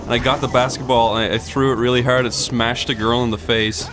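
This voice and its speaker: A man telling a story in casual gaming chat, deadpan, acting out the people in it. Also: mid-range voice, fairly quick, over loud music. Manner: deadpan storyteller, acts out quoted voices. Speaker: let's play co-host.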